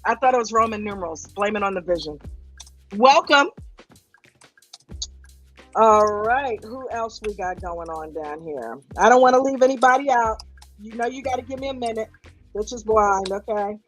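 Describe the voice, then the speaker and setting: A woman's voice: mid-range voice, lively intonation, moderate pace, long pauses, faint music behind. A woman hosting a livestream, casually greeting viewers one by one in a playful, teasing, affectionate way. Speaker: host.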